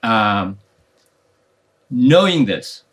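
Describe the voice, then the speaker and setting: A man's voice: mid-range voice, sing-song, extremely slow. A male guest in a history discussion, making his points emphatically and stressing key words. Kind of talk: casual history chat.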